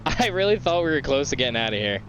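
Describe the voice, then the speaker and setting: Excitable young man streaming a game. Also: mid-range voice, dull audio, a little hiss or hum. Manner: excitable, swears a lot, shouts at the game; mocking sing-song voice when quoting the game. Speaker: gaming streamer. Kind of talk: live gameplay commentary.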